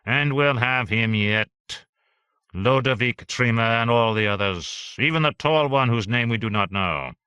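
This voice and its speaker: A man's voice: medium pitch, a little slow, clean tone, dry recording, lo-fi sound, pitched above the performer's own voice. A man voicing an unctuous, volatile male official in an audiobook, with an oily, pushy delivery. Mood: scheming. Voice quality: oily, swings to shouting. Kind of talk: audiobook character voice.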